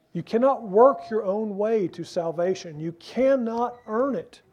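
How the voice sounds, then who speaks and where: A pastor with a high voice and dark tone preaches a sermon earnestly and emphatically. He asks rhetorical questions and slows down to stress key phrases.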